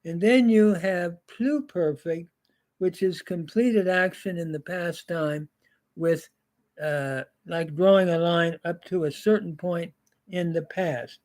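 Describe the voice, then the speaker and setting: An older man teaching a grammar lesson, drilling word forms slowly with pauses and fillers. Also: on the high side, a little mellow. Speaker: Greek teacher.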